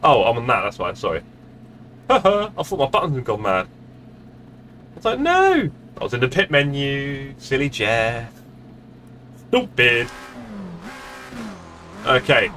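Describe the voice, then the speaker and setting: A man's voice: medium pitch, very animated, unhurried, long pauses, pushed and bright, slight background noise. A middle-aged man live-streaming sim racing from home, chatting casually with his viewers in a rambling, self-mocking way. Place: home gaming room. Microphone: desk streaming mic.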